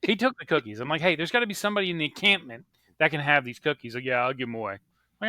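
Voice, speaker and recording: Talking very fast in a fairly high voice, a man in his thirties co-hosts a podcast and tells stories in casual chat, animatedly acting out the voices of the people involved. The studio sound is clean with no room sound.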